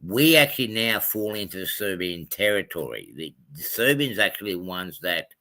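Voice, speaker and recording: A man's voice: deep voice, sing-song, normal speed, bright, forceful tone. A man from Australia chatting casually on a livestream, rambling with many ums and self-corrections. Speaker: livestream host.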